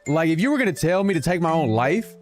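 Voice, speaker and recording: Lively joking male game streamer. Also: fairly high pitch, fast talker. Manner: animated, joking, swears freely. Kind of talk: casual gameplay commentary. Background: game music.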